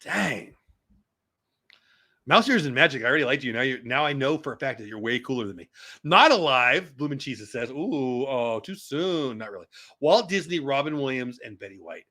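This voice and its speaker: A man in his fifties hosting a casual live stream, reading viewer comments aloud and reacting with excitable, chatty asides. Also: medium pitch, normal speed. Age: 50s. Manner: animated, excitable, talks back to chat.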